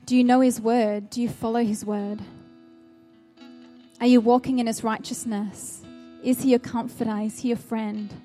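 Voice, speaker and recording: A woman's voice: on the high side, dark tone. A woman preaching a sermon, earnest and exhorting, with a run of searching rhetorical questions.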